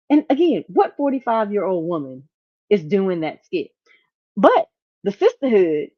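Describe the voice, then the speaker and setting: A woman's voice: on the low side, muffled recording. A woman hosting a casual commentary show, giving blunt opinions and often restarting her sentences. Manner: opinionated, restarts and trails off mid-thought. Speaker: host.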